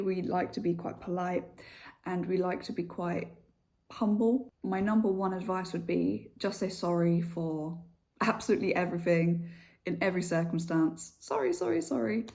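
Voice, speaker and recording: A young British woman talking casually to camera as a vlogger and English teacher, playful and animated, jumping high in pitch when she stresses a word. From United Kingdom.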